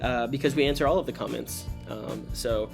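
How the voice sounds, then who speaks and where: A man's voice: mid-range voice, brisk, gravelly, music in the background. A man co-hosting a board game review show in casual chat, thoughtful and hedging as he searches for words.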